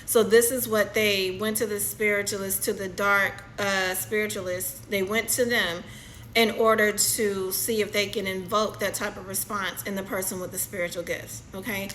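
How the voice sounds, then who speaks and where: A woman giving a channeled spiritual reading, halting and repeating herself as she describes what she sees, often checking in with "okay?". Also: medium pitch, steady tone, fairly bright tone, slight background noise, poor audio. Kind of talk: channeled reading, narrating a vision.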